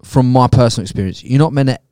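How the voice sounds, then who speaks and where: A man's voice: mid-range voice, fast talker, warm tone, dry recording, clean studio sound. A man hosting a podcast, chatting casually, often restarting his sentences while agreeing with his guest. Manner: hesitant, stuttering restarts, supportive. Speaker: podcast host.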